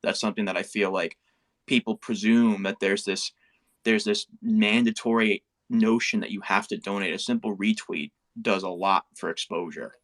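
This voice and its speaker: Man, low voice, measured, halting, deliberate. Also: steady tone, a bit bright. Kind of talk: measured discussion remarks.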